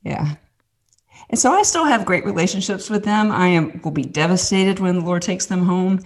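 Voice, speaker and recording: Woman, low voice, podcast guest, candid testimony, animated and rambling. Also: moderate pace. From Southern United States. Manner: animated storyteller, many restarts and asides.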